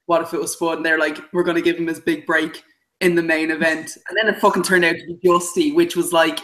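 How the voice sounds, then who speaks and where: A podcast co-host telling a long story in casual chat, animated and swearing freely. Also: mid-range voice, fairly quick, low-quality recording.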